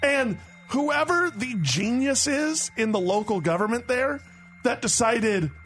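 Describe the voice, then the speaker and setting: A man's voice: very high-pitched, measured pace, soft background music. A man hosting a radio morning show, joking and ranting in casual banter. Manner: animated and joking, laughs often.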